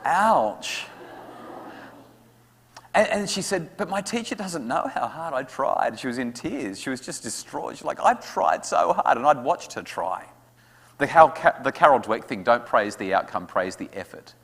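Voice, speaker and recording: A man speaking to parents at an evening talk, lively and acting out what his kids say. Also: medium pitch, unhurried, husky. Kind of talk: talk to an audience with questions. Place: school hall. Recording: hall reverb.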